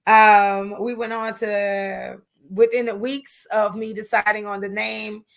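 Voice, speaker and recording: A woman guest in an interview, telling her business story in a lively, chatty way, calling people "honey" and using many fillers. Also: mid-range voice. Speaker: guest entrepreneur. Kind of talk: animated interview talk.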